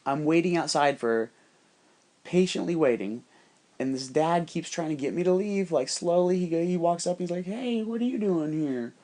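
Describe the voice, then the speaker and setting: A man's voice: a little high, normal speed, a little mellow. A man telling a rambling, heavily profane story in a casual, conspiratorial monologue.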